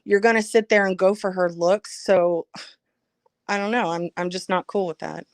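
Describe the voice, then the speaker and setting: A woman's voice: medium pitch, steady tone, moderate pace, no echo, studio quality. A woman hosting a live stream, talking casually and bluntly, swearing freely and speaking her mind. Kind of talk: casual chat.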